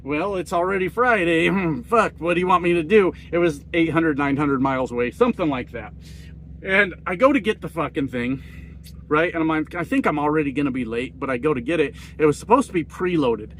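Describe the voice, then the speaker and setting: A man's voice: on the high side, expressive, a little fast, a bit bright, slight background noise. A middle-aged man, a truck driver, telling stories in a rambling, profane, casual way. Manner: profane, rambling, acts out quoted people in a raised voice. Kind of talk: casual storytelling monologue.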